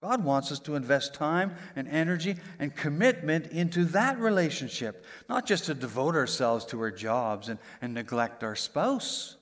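Animated preacher in a reverberant hall. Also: male voice, fairly high pitch, normal speed, hardly any pauses. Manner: animated preaching, voice rising and falling sharply for emphasis. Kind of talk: sermon. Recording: long reverb of a large hall.

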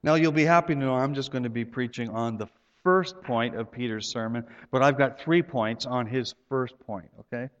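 A man preaching a sermon in church, telling stories with playful asides and an animated delivery. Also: mid-range voice, normal speed, muffled recording. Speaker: pastor. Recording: long hall reverb.

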